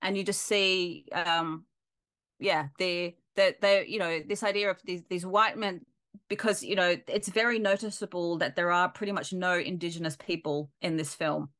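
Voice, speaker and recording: A woman with an Australian accent, a film lecturer speaking in a casual interview, thoughtful and often pausing to search for words. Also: lowish voice, steady tone, a bit bright.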